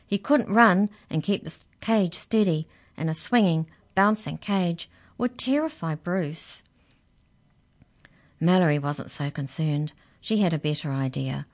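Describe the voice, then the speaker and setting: Woman storyteller, low voice, children's storybook reading, measured and unhurried.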